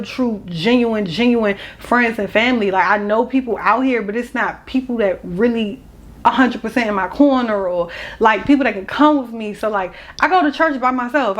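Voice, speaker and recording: A young woman, telling a personal story in a casual, candid and emotional vlog. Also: fairly high pitch. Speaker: vlogger.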